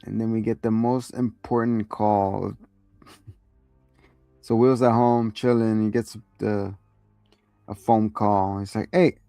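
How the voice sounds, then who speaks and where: A man's voice: on the low side, little pitch movement, slow pace, vocal fry, long pauses, mellow, clear, resonant tone, dry recording, faint music behind. A man hosting a casual episode recap, loose and profane, acting out quotes along the way. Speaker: host.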